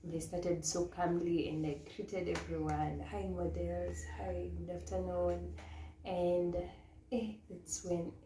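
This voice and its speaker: A woman's voice: on the low side, level tone, slow pace. A woman with a Kenyan accent, a pageant model coach, telling a story casually and laughing often, switching into Swahili now and then. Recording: echoey room with faint noise.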